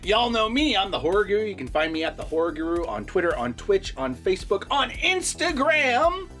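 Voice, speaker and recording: A young man hosting a casual review vlog, animated and swearing freely, nearly losing his voice. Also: sits high, fairly quick, faint music behind. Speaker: host.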